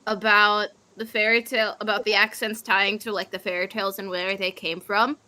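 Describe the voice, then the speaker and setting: A woman in a casual livestream chat, giggly and quick to jump in. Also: mid-range voice, level tone, pushed and bright. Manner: giggly, jumps in.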